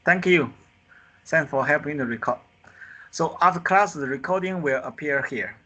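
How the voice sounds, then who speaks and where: A man teaching a beginner Mandarin class on a video call, acting out the four tones with drawn-out sighs, in simple non-native English. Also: fairly high pitch, sharp tone. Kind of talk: live online group lesson. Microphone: computer mic on a video call.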